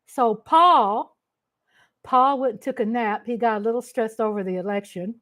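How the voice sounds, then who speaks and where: A woman from Texas with a twang hosts a casual livestream from home. She talks straight to her viewers in an emotional, ranting way, and her voice sits a little high. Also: a little fast, fairly bright tone. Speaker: livestream host. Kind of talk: casual live-stream chat.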